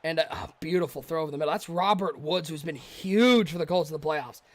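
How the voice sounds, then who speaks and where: A man gives chatty, excitable play-by-play on a live stream, trading jokes with viewers in the chat. His voice sits on the high side, his pace is fairly quick, and the recording is dry.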